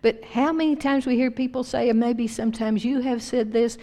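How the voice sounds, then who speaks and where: A woman's voice: a little high, fairly even intonation, moderate pace, warm tone. A woman pastor preaching a folksy sermon to her congregation, laughing often and leading them in call-and-response. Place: church sanctuary. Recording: long hall reverb.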